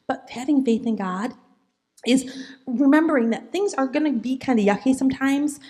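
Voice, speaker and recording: A woman giving a children's sermon in a church, speaking gently and asking the kids questions as she tells the story. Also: sits high, normal speed. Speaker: children's message leader.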